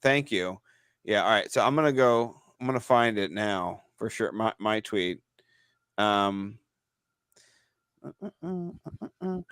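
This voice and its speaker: On the low side with lively intonation, this co-host speaks at a measured pace with long pauses, his tone fairly bright and clean. He rambles through casual podcast chat, full of fillers and self-interruptions, laughing easily, in a dry, clean studio recording.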